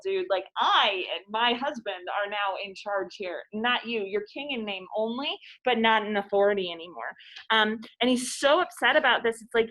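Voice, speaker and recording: A woman's voice: mid-range voice, poor audio. A woman hosting a casual literature discussion, chatty, retelling scenes in everyday speech.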